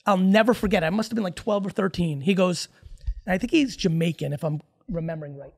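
A man in his forties, a podcast guest, talking in a casual, emphatic and profane way with rapid-fire stories. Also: high-pitched, vocal fry. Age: 40s.

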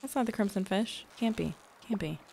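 Young woman, game host, casual heartfelt chatter over gameplay, mid pitch. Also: a little fast, gravelly, a little mellow. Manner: chatty, talks to herself and her viewers, rambling and heartfelt. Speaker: gaming video host.

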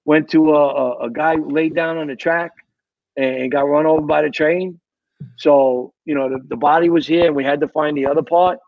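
Casting note: New man, retired fire captain, gravelly, rambling storyteller, dry lo-fi podcast sound. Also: a little high, fairly even intonation, normal speed, no room sound. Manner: rambling, repeats words, tells war stories. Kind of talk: casual storytelling.

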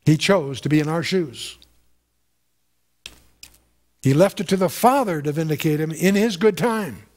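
A man's voice: a little high, lively intonation, measured pace, darkish tone. A man giving a conversational, verse-by-verse Bible teaching, stressing points and repeating phrases, lifting his voice when reading scripture.

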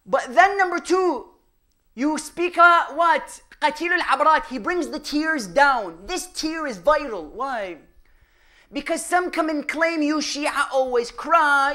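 A man giving a religious lecture, firing rhetorical questions at the audience and swinging between loud emphasis and hushed asides. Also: very high-pitched. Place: mosque or Islamic center hall.

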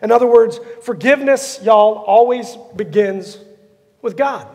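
A man's voice: high-pitched, a little slow, vocal fry, a little mellow, big-room sound. A man preaching a sermon as pastor, telling a story animatedly and acting out the characters. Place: church sanctuary.

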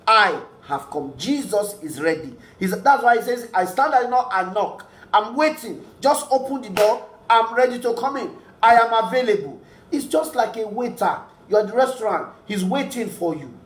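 A man's voice: high-pitched, reverberant. A man preaching a sermon, earnest and repeating key phrases for emphasis.

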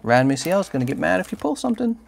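A man's voice: on the high side, big pitch swings, racing, gravelly, slight background noise. A man hosting a livestream, chatting casually and playfully while opening trading card packs and teasing viewers by name.

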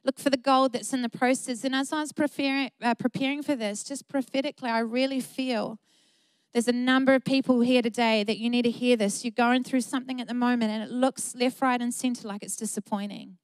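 A woman's voice: fairly high pitch, fairly even intonation, brisk, smooth, no echo. A middle-aged woman pastor, preaching an earnest, emphatic sermon with repeated phrases.

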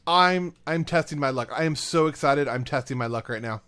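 Excitable man narrating his gameplay. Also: medium pitch, fairly quick, clear, resonant tone. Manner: excitable, rambling, talks to game items. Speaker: let's play host. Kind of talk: casual gameplay commentary.

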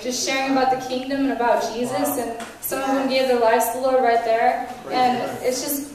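A woman speaker sharing testimonies at a conference, telling animated stories with quoted dialogue and laughing between lines. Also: sits high, a little fast. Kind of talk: testimony storytelling. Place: large conference hall. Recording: echoey hall, voice from a distance.

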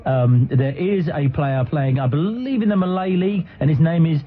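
A man co-hosting a comic talk radio show in a studio, exuberant and quick to laugh loudly. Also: on the high side. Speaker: radio co-host. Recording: narrow lo-fi archive radio broadcast.

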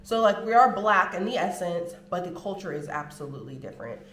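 An American woman vlogging in casual chat to the camera, animated and full of drawn-out filler words. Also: fairly low pitch, slight background noise. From United States. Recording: roomy home room echo.

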